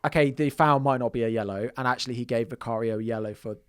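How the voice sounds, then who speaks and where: Bloke mid-pitch, calmly breaking down football incidents on a studio podcast. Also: male voice, fast, smooth. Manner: reasoned, talks through points step by step. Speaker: podcast co-host. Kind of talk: casual football chat.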